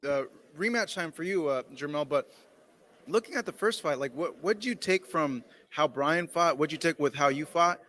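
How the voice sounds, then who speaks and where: A man's voice: a little high, expressive, moderate pace, fairly bright tone. A man interviewing a boxer, asking probing, methodical questions. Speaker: sports interviewer.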